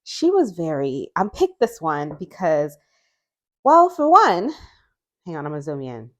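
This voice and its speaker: A woman's voice: low-pitched, wildly swooping pitch, measured pace. A woman vlogger chatting casually and rambling as she reviews tarot decks, laughing often and restarting her sentences. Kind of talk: chatty casual video response.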